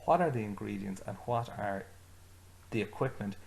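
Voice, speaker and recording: A man teaching an Irish language lesson, slowing down to model each phrase for his learners to repeat. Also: fairly low pitch, vocal fry, darkish tone, a little hiss or hum. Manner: slows right down to model phrases for repetition. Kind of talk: slow, deliberate lesson with repeat-after-me drills.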